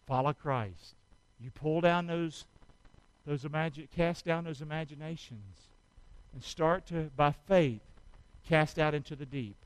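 A preacher with a high, smooth, ringing voice leads his congregation in call-and-response. He swings from hushed, earnest pleading to loud, fervent cries. The sound is dry and close. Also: dry recording, low-quality recording. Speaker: pastor. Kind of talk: sermon.

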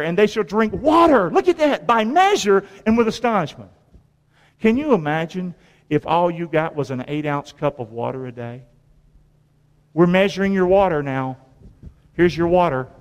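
A male preacher delivering a colloquial sermon, quizzing his congregation with call-and-response questions and repeating phrases for emphasis. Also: high-pitched. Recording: long reverb of a large hall.

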